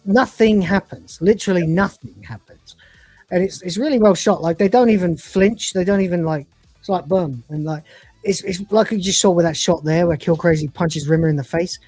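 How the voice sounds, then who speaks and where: A woman with a fairly low voice chats through an episode recap. She keeps breaking into character voices as she retells the scenes. The sound is dry and close, with faint music under it. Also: normal speed, a little mellow, husky, no room sound. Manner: acts out the characters' lines with voices and laughs. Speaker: podcast co-host reviewing episodes. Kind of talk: casual livestream review, retelling scenes.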